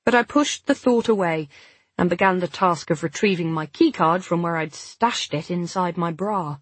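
A woman narrating a first-person novel, reading at a measured pace and voicing the dialogue. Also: fairly low pitch, slightly rough, dry recording. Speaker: audiobook narrator.

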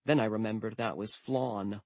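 A man narrating a novel in the first person with a steady, wry, measured delivery. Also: lowish voice, no room sound. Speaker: audiobook narrator.

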